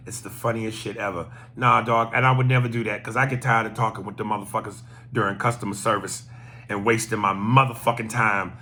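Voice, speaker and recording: A man's voice: fairly low pitch, sharp tone. A man hosting a podcast, reading listener emails aloud with profane, joking commentary. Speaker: podcast host.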